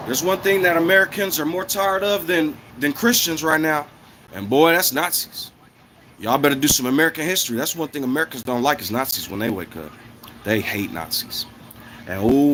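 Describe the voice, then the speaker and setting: A man's voice: a little high, fairly bright tone, a little hiss or hum. A man ranting in a casual, heated, profane monologue, often repeating himself.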